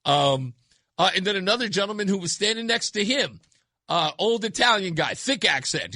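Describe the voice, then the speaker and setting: A man's voice: high-pitched, very animated, moderate pace, sharp tone, no echo. A man hosting a talk radio show, speaking bluntly and emphatically into a studio microphone, repeating his points for effect. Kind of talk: opinionated talk radio monologue.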